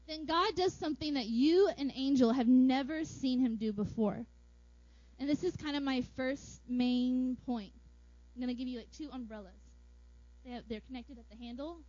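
A woman with a high voice preaches a sermon, playful and animated, slipping in jokes and little acted-out asides. The sound is dry and a little dull, with no room around it. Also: no room sound.

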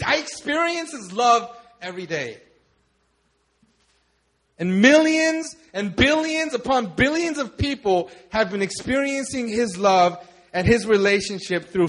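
A man preaching a sermon, building emphatic repeated phrases up to loud declarations. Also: sits high.

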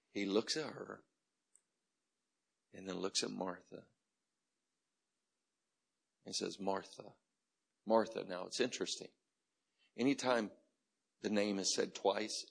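A man's voice: fairly low pitch, gravelly, slightly rough. A male preacher giving a sermon in a conversational, humorous way, repeating phrases for emphasis.

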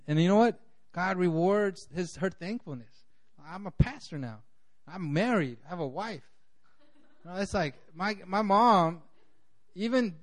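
Male pastor, sermon, high voice, chatty, lots of "you know". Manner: conversational, peppered with "you know"; acts out quoted voices.

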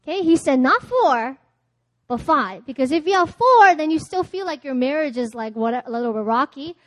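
Woman preacher, high voice, dry close sound, lively storytelling sermon, acts out conversations. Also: moderate pace, no room sound. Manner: storytelling, acting out dialogue, laughing often. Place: church.

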